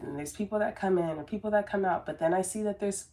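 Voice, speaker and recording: Her voice is mid-range and mellow, and she speaks at a quick pace. This woman, a business coach who says she's very sensitive, gives an earnest, rambling motivational talk to camera in a casual style, with lots of fillers and restarts.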